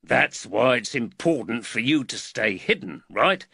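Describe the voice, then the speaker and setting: A man voicing a stern, protective father who speaks with calm command and dry wit. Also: mid-range voice, a little slow, creaky, slightly rough, no echo, exaggerated voice. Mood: steady, fatherly. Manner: calm, commanding, dryly wry.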